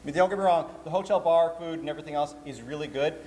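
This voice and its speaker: A man's voice: on the high side, rapid-fire. Joking man hosting a convention panel. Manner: joking, chatty, lively with laughs. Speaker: convention programming director. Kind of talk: live panel talk to an audience. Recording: hall reverb, faint room noise.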